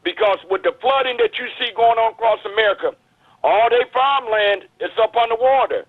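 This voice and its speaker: A man's voice: very high-pitched, brisk, no echo. A man calling in to a talk show, preaching his views in an urgent, emphatic way. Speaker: caller. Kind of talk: impassioned call-in commentary. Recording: tinny phone line.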